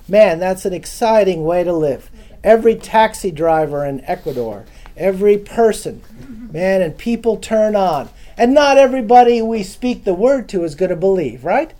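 A man's voice: high-pitched, animated, moderate pace, warm tone. Chatty man preaching to a gathering. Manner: casual, chatty, asks the audience questions. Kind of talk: informal Bible teaching. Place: room with a small live audience.

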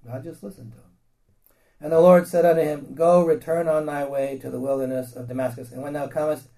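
A man preaching in a fairly high voice, reading scripture aloud and then putting it in plain, blunt everyday words. He laughs often and puts questions to his listeners. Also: fairly even intonation, fairly quick, mellow, rough recording. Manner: reads King James verses, then paraphrases them in blunt slang with laughs; addresses the congregation with questions.

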